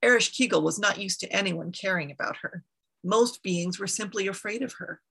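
A woman telling an ancient myth out loud, with a bright, gravelly and husky voice. She keeps an unhurried storytelling rhythm and slips into chatty asides now and then. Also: medium pitch, rough recording.

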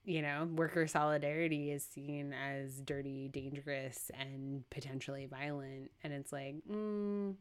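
A young adult woman co-hosting a casual book discussion, talking in a measured way with wry agreement. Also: a bass voice, flat delivery, smooth. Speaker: podcast co-host.

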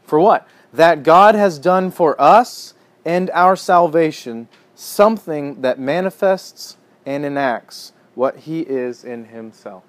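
A man's voice: fairly high pitch, takes it slowly. Earnest man teaching theology. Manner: earnest, animated, swings from emphatic to hushed. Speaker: pastor or Bible teacher. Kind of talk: conversational teaching talk.

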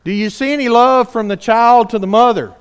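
A man with a fairly high voice preaches in a drawl. He is earnest and animated and keeps asking his listeners pointed rhetorical questions. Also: fairly quick, smooth. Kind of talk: sermon.

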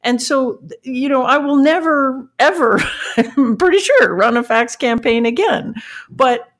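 Woman, fairly high voice, very lively pitch, laughs through her stories, marketing leader telling an anecdote. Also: unhurried. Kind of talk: animated anecdotal storytelling.

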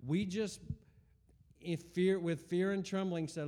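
A man's voice: high-pitched, fairly even intonation, takes it slowly, pauses often, warm tone. A man in his forties telling a personal faith testimony in an earnest, rambling way, with many fillers and restarts. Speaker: speaker giving a personal testimony.

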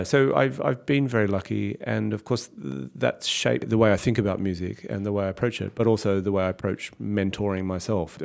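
Low gravelly Australian man. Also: a little mellow. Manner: thoughtful, many restarts and fillers. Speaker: conductor and author guest. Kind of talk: reflective interview talk.

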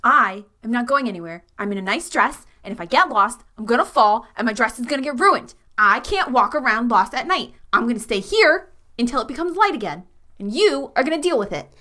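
A woman's voice: on the high side, expressive, fairly quick, bright, forceful tone. A woman playing a stubborn, defiant oni woman in a fine dress in a tabletop game, arguing and bossy.

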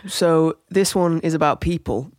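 A podcast co-host in casual chat, emphatic and quick to laugh. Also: mid-range voice, darkish tone, dry recording, studio quality.

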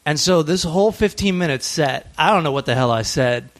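A man hosting a podcast, telling a story in a loose, animated way, laughing often and acting out the people in it. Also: a little high, fairly quick. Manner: animated, laughing, acts out voices in stories. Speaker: podcast host. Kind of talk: casual storytelling chat.

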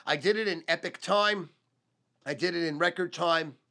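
Brash middle-aged male host, bright forceful voice, boastful and profane. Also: high voice, normal speed, gravelly. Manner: brash, crude and boastful, heavy swearing. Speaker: sports betting tipster hosting his own show. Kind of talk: boastful monologue.

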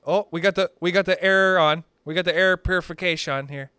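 A young man from Canada doing a rambling, profane stand-up monologue, pushing his pitch up and down for emphasis. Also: fairly even intonation, a little fast, pushed and bright, smooth, dry recording, clean studio sound. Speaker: stand-up comedian.

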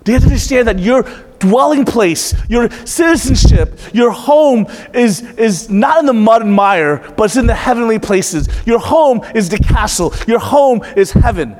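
A man's voice: very high voice, lively intonation, moderate pace, few pauses, a little mellow, in a large hall. A pastor in his thirties preaching to a congregation, calling out questions and repeating back the answers with emphasis. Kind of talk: interactive sermon.

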